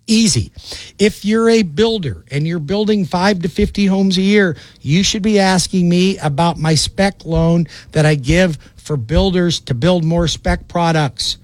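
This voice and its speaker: Brash, folksy man pitching loans. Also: no echo. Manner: brash, folksy and rapid-fire, acting out little phone calls. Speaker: loan officer. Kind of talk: direct-to-camera sales pitch.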